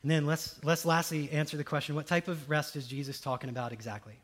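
A male pastor preaching a conversational sermon, swinging between loud emphatic lines and soft hushed ones. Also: on the high side, steady tone, quick pace.

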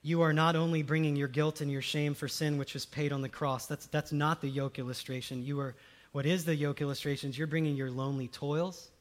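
A male pastor preaches in a loose, conversational way, talking straight to his listeners. His voice sits a little high for a man. He pushes some lines out loud and emphatic, then drops others to a soft hush. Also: little pitch movement, brisk. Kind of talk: sermon.

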